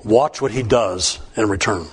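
A man's voice: fairly low pitch, unhurried, husky. Conversational, folksy male preacher. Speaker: pastor. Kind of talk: sermon with Bible reading.

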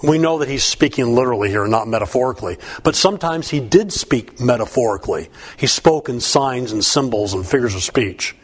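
Guy preaching a sermon, chatty and folksy, average pitched voice. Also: lively intonation, brisk, hardly any pauses, husky. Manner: conversational, folksy asides. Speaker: pastor. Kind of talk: sermon with Bible reading.

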